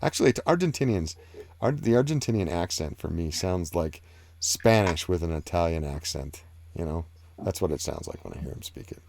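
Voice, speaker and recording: Man, low voice, dry close sound, casual live-stream host, rambling chat reading. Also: animated, moderate pace, vocal fry, a little mellow, no echo. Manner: rambling, many fillers and restarts.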